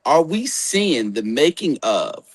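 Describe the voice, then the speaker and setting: A man's voice: a little high, very animated, slow pace, slightly rough, no room sound. A man co-hosting a casual sports talk show, blunt and emphatic, asking rhetorical questions.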